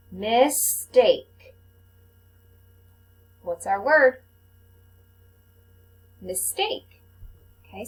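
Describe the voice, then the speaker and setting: A woman teaches a phonics lesson to young children at an unhurried pace. She sounds out each letter and syllable with patient, careful enunciation, and her voice sits at a middle pitch. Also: low-quality recording. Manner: slow, patient, clearly enunciated teacher talk.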